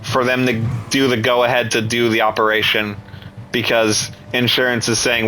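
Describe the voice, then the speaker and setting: A man's voice: mid-range voice, flat delivery, normal speed, pushed and bright, slight background noise, poor audio. A man ranting with scorn and profanity in an angry political commentary.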